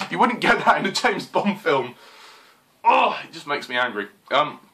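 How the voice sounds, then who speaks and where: A man's voice: a little high, sing-song, unhurried, sharp tone, slight background noise. A man giving an exasperated, swearing rant as a film reviewer, full of fillers like "you know" and "I mean.".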